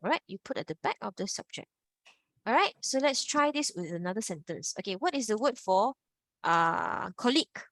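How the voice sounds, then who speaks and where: A woman's voice: mid-range voice, sing-song, normal speed, a bit bright, no echo. A woman teacher, patiently explaining grammar over a video call and repeating key points. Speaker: Mandarin teacher. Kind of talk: online class teaching.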